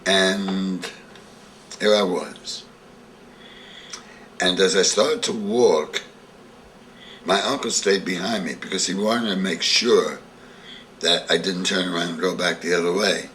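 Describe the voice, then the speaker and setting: Deep-voiced older man telling a story. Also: steady tone, slow pace, long pauses, a bit bright, distant mic, a little hiss or hum. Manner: vivid storyteller, acting out scenes. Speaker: interviewee. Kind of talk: storytelling reminiscence.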